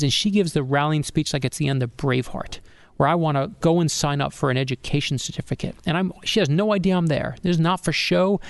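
A middle-aged man, an author being interviewed on a podcast, telling a personal story with animated energy and acting out the people he quotes. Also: fairly high pitch, brisk, vocal fry, dry recording. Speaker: author guest.

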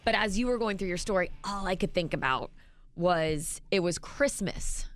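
A woman's voice: fairly low pitch, animated, normal speed. A woman co-hosting a radio show, telling a rambling story in casual banter.

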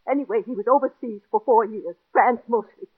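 An actress playing a neurotic, jealous middle-aged wife who pleads in an overwrought, breathless way, acted in 1940s radio-drama style. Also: female voice, on the high side, moderate pace, breathy edge. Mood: confessing. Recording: tinny old radio broadcast.

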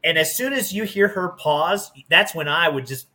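A man recounts his time as a 911 dispatcher in casual podcast chat, animated and story-driven. His voice is bright and his pitch swings widely. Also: moderate pace, hardly any pauses.

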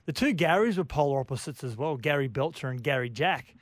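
Man, radio co-host, easygoing, lively pitch, dry sound. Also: a little fast, no room sound. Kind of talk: casual radio banter.

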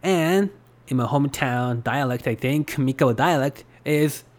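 Japanese guy w/ an accent, rambly podcast chat, lots of "you know", mid pitch. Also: fairly even intonation, normal speed. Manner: loose and rambling, many fillers. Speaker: podcast host. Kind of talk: casual podcast talk.

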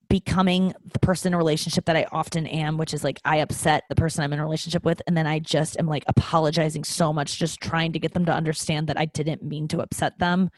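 A woman's voice: sits low, no room sound. Rambling, candid woman podcast host. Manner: rambling, with many fillers and restarts; candid and self-mocking. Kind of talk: casual confessional monologue.

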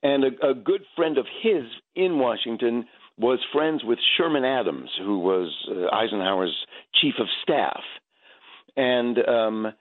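A man's voice: mid-range voice, lively intonation, a little slow. A man in his seventies, a stage actor, talking reflectively in an interview and often restarting his sentences. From United States. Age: 70s. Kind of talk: interview over the phone. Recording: tinny phone line.

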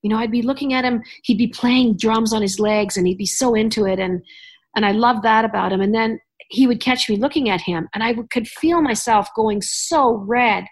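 A woman's voice: a little high, normal speed. A woman hosting a podcast, chatting casually and rambling with frequent restarts. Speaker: podcast host. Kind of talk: casual chat.

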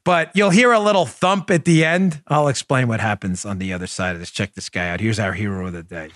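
A man's voice: lowish voice, a little fast, fairly bright tone, dry recording. Man, political talk host, emphatic, repetitive, exasperated tone, dry close studio mic. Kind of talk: impassioned political monologue.

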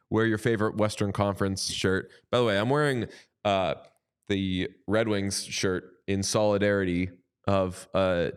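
A young man co-hosting a casual sports podcast, riffing playfully and reading an ad with bursts of excitement. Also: lowish voice, clean tone. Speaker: podcast co-host. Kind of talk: casual chat and ad read.

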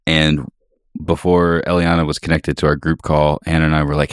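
A man with an extremely low, deep voice co-hosts a podcast, chatting playfully and teasing his co-hosts. He is heard over a remote call with a dry, close sound. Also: little pitch movement, quick pace, no echo. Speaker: podcast co-host. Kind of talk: casual podcast chat.

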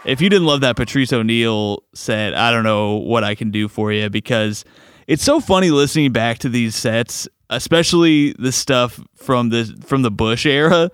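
A man's voice: mid-range voice, normal speed, clear, resonant tone, no echo, a faint crowd. A man hosting a comedy program, talking enthusiastically and rambling, chuckling as he goes. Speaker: radio show host. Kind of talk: casual commentary.

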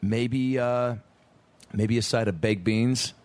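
A man's voice: mid-range voice, steady tone, takes it slowly, a little mellow, a little hiss or hum. A man co-hosting a podcast, trading crude jokes and laughing often in casual banter.

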